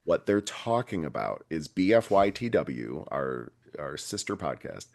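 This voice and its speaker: A man's voice: extremely low pitch, big pitch swings, a little slow, creaky, no room sound. A man hosting a podcast in casual banter, with dry self-mocking jokes. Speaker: podcast host.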